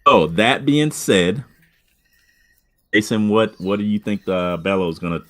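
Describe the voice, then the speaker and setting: A man running a tabletop game as game master, talking in halting stretches full of fillers and restarts. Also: lowish voice, lively intonation, a bit bright.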